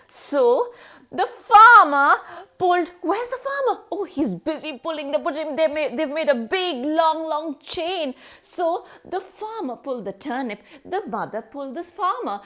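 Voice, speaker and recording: A woman telling a children's story in a sing-song manner, making animal noises and asking a young listener questions. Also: sits high.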